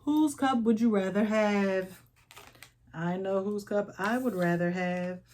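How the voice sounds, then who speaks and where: A woman's voice: medium pitch, slow, darkish tone. A woman giving a casual tarot reading, telling it like a story, acting out little voices and checking in with "okay?" all the time. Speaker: tarot reader.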